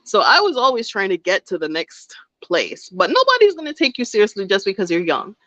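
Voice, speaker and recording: A woman's voice: medium pitch, very animated, fairly quick, pushed and bright, no room sound. A woman in her thirties giving an emphatic, preachy motivational talk with folksy asides. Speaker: motivational speaker. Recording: dull, dry lo-fi sound.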